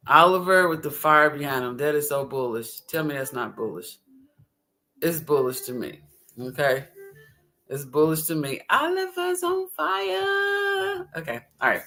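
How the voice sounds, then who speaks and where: Gravelly-voiced giggly livestream host woman. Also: low voice, sharp tone. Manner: giggly, rambling and chatty. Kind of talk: casual livestream chat.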